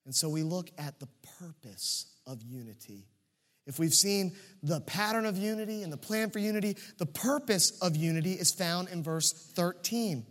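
High-voiced animated preacher man. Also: moderate pace, long reverb tail. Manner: animated preaching, swinging from loud emphatic peaks to quiet asides; repeats key phrases for emphasis. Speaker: pastor. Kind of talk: sermon.

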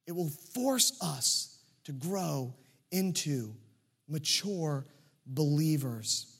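A man in his thirties preaching a sermon as a pastor, swinging between loud emphatic peaks and quiet asides and repeating key phrases for emphasis. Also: a little high, in a large hall.

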